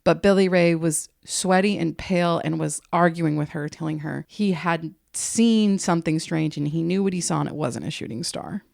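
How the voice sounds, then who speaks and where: Low, gravelly woman telling a story. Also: a little mellow, dry recording, studio quality. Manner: giggly, profane, jokey retelling with quick asides. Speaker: podcast co-host telling the story. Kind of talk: casual storytelling chat.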